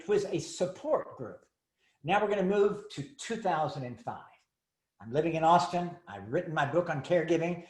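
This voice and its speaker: A man's voice: a little high, reverberant. An older man from Texas, a speaker and author on caregiving, telling humorous stories and acting out the voices of the people in them. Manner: animated, acts out voices in his anecdotes. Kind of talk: humorous storytelling talk.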